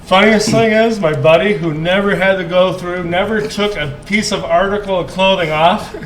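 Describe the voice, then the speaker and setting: A man telling a profane, animated story in casual podcast chat, laughing often. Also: high voice, normal speed, roomy sound, a little hiss or hum, poor audio. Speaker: podcast guest. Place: podcast studio.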